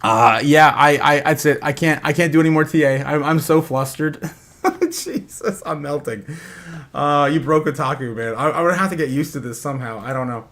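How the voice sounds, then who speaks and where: A man hosting a live stream. He talks in an excitable way, laughs often, and stammers and repeats himself. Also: fairly high pitch, fairly quick. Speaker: crypto livestream host.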